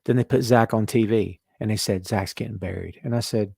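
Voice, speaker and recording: A man hosting a casual wrestling talk show, animated and chatty, reading out listener comments. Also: on the low side, a little fast, dry recording, studio quality. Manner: animated, reads out chat comments. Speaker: podcast host.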